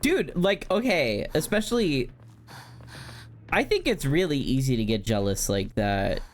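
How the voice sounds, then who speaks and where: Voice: mid-range voice, very animated, measured pace. A streamer chatting casually with viewers while playing a horror game, talking directly to the chat and giggling often.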